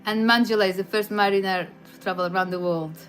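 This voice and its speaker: A woman's voice: mid-range voice, fairly even intonation, fast, fairly bright tone, soft background music. A woman from Portugal with a Portuguese accent, hosting a livestream and chatting casually through viewer comments, with frequent hesitations and restarts. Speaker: livestream host.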